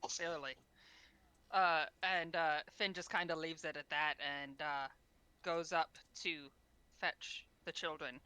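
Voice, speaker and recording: Female player, smooth and bright, lower pitch, wry matter-of-fact. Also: steady tone, takes it slowly, no echo. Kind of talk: casual tabletop play.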